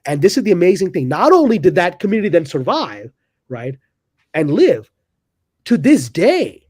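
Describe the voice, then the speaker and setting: A man's voice: high-pitched, normal speed, breathy edge, dry recording, clean studio sound. A man telling a story dramatically as a podcast guest, acting out the people he quotes. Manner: lively, dramatic, voices quoted characters. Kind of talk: animated storytelling in a panel discussion.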